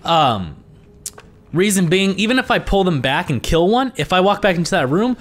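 A man giving let's play commentary as a gaming host, frustrated, swearing constantly and yelling at the game. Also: high voice, sing-song, normal speed. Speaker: gaming YouTuber.

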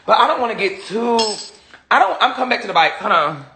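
A sassy woman chats casually on a phone livestream. Her voice sits a little high and swings widely in pitch, with a bright, sharp edge and a gravelly texture. She laughs often and answers viewer comments. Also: fast. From Atlanta, USA. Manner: sassy, animated, laughs often, breaks into song.

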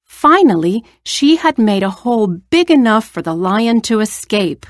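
A woman reading a children's story aloud in a clear, careful way. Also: medium pitch, animated, measured pace, few pauses, no echo, clean studio sound. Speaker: story reader.

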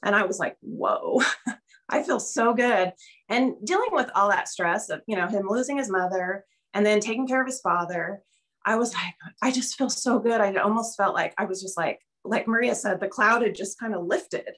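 Her voice is mid-range and fairly bright, and she talks a little fast. This middle-aged woman is a guest giving a casual testimonial over video call, recounting her personal story candidly and somewhat nervously, with fillers and light laughter.

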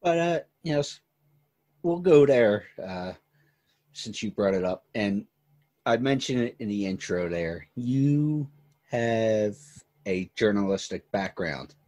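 A man hosting a podcast interview, asking halting questions full of fillers. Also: on the low side, expressive, darkish tone. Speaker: podcast host. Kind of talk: casual interview.

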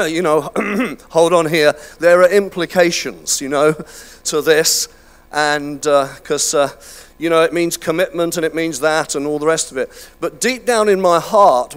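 A man's voice: a little high, smooth. Chatty older man preaching. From United Kingdom. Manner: chatty, self-deprecating, with many fillers and restarts. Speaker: pastor. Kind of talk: sermon. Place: church hall.

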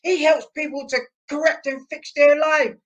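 A man doing a Cockney accent to voice an excitable, starstruck man in a shop. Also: normal speed, lo-fi sound. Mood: starstruck, excited. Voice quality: high, shouty, excited.

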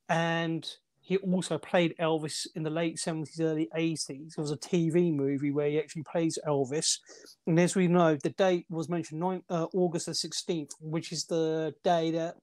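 A man's voice: a little high, darkish tone. A man co-hosting a casual movie review chat, rambling through film trivia with restarts and fillers. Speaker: movie podcast co-host.

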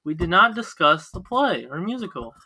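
A man co-hosting a casual podcast with friends, excitable and a bit bossy, laughing often. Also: high voice, moderate pace, a loud crowd, poor audio. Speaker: podcast co-host. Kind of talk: casual chat among friends.

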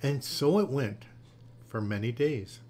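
A man gently and expressively reading a children's picture book aloud. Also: medium pitch, expressive, measured pace. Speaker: storyteller.

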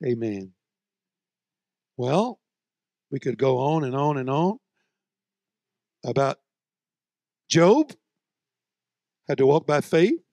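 A man preaching a sermon, moving between soft, low storytelling and loud, shouted exhortation. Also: expressive, slow, pauses often, dry recording.

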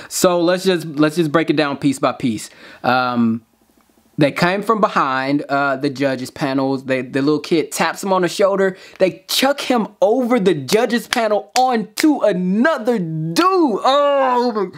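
Give me a guy talking on a reaction video, breathless and slangy, stumbling over his restarts. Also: sits high. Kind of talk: excited reaction commentary.

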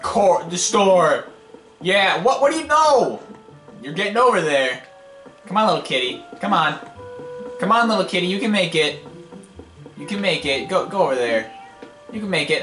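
A man's voice: high-pitched, very animated, normal speed, pauses often, sharp tone. A man giving casual, rambling gameplay commentary as a let's play host, impatient and wisecracking. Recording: echoey room, game music behind.

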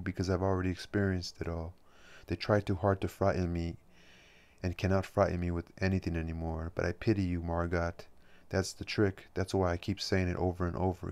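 A man's voice: deep voice, darkish tone. A man voicing a weary, resigned middle-aged writer in an audiobook reading.

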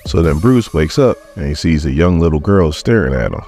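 Very deep-voiced man recapping comics. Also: animated, brisk, hardly any pauses, dark tone, soft background music. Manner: chatty, offhand storytelling with fillers. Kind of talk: casual comic book recap.

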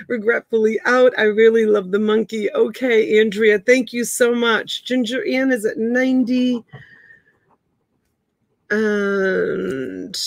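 Hosting a casual live-stream auction from her home, a woman in her 50s greets viewers by name while announcing bids. The recording is dry, and her voice sits slightly high.

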